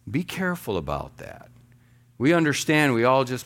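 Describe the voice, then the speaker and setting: Animated preaching man, lively pitch. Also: normal speed. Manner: animated preaching with shifting emphasis and quoted asides. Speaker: pastor. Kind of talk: sermon.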